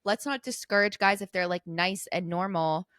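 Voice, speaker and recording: A young woman from Idaho co-hosting a podcast, telling stories in an animated casual chat, full of "like" and "literally". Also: mid-range voice, normal speed, dry recording, clean studio sound. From Idaho, USA. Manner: animated storyteller, heavy "like" and "literally" filler. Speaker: podcast co-host.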